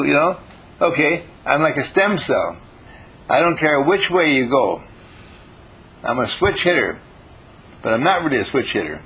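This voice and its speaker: A man's voice: fairly high pitch, big pitch swings, unhurried, pauses often, a bit bright, breathy edge, low-quality recording. An older man giving a folksy, informal motivational talk to a group, homespun in manner and slipping into playful quoted voices. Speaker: group teacher.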